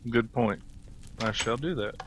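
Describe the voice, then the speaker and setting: A man's voice: mid-range voice, measured pace, noisy background. A man chatting as a co-player in a game stream, giving brief agreeable replies. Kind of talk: casual chat.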